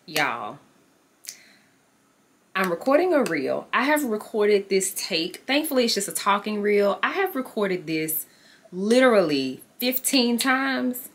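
A lifestyle vlogger chats casually to camera, calling her viewers "y'all" and talking herself through her frustrations. Her mid-range voice swings widely in pitch at a measured pace.

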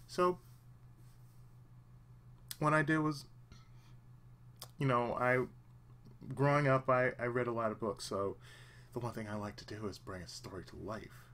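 A man's voice: a little high, a bit bright, slight background noise. A man hosting a let's play channel, giving earnest, emphatic advice in casual talk and often repeating himself for emphasis. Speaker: let's play host, aspiring voice actor.

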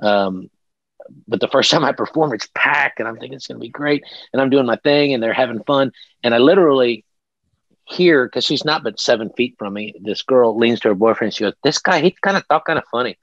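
A comedian from Texas with a Texan accent, telling jokey anecdotes in a casual interview over a video call. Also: male voice, medium pitch, brisk, dry recording, highs cut off. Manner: joking, animated anecdotes with laughs. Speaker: comedian guest.

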